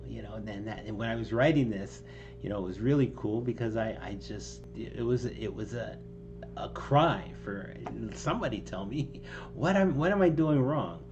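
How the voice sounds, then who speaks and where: A man's voice: lowish voice, lively intonation, moderate pace, dull audio, background noise. Rambling, self-mocking man musician. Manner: rambling and self-deprecating, with many ums and restarts, laughing now and then. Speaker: songwriter explaining his song. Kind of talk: casual line-by-line song breakdown.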